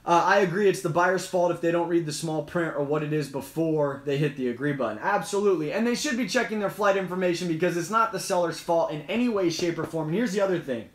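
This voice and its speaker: A high-voiced man hosts a casual live Q&A, talking quickly with few pauses. He's chatty and emphatic, repeating his points as he explains them, and the sound is echoey and roomy.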